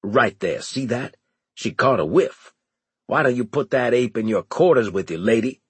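Grumbling crude sergeant, low husky voice, man voicing him. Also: lively intonation, normal speed, no echo. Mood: mocking. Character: gruff male sergeant, sour and crude.

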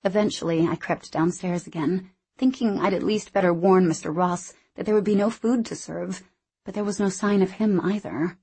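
A woman reading a first-person novel aloud as audiobook narrator, in a measured, expressive way. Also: fairly low pitch, slightly rough.

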